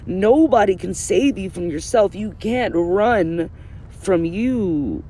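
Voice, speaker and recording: A man's voice: high-pitched, animated, slow, warm tone, a little hiss or hum. A man giving a candid, emphatic personal monologue to camera, repeating phrases and swearing freely. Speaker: vlogger.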